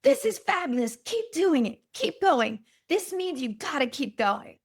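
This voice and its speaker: Encouraging older dad, retired doctor, emphatic and high as a woman quotes him. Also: sing-song, unhurried, full character voice. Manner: emphatic, reassuring.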